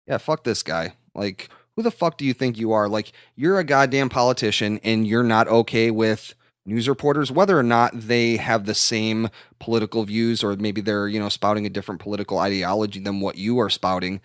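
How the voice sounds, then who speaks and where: Low-voiced man, rambling sweary chat. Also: brisk, dry recording, clean studio sound. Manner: rambling, swears freely, self-mocking. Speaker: podcast co-host. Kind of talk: casual profane chat.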